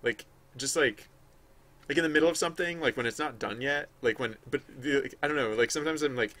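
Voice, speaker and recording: A man's voice: mid-range voice, fast, fairly bright tone. A man live-streaming while drawing, chatting casually in a rambling, self-mocking way with many fillers and frequent laughs. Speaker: live-streaming digital artist.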